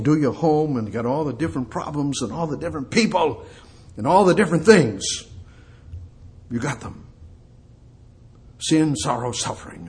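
A man's voice: medium pitch, darkish tone. An older man preaching a sermon, emphatic and repetitive, quoting scripture and putting questions to his listeners. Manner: emphatic, repeats phrases, quotes scripture, asks the congregation questions.

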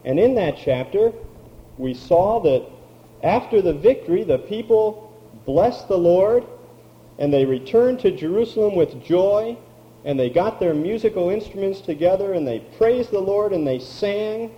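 A man preaching a sermon, slow and emphatic, drawing out key words. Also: sits high, lively intonation, dull audio. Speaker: pastor.

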